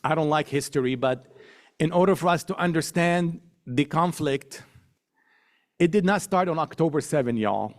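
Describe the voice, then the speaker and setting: A middle-aged man giving a public talk to an audience, emphatic, building points through repetition and lists, slowing down to stress key words. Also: a little high. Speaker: guest speaker.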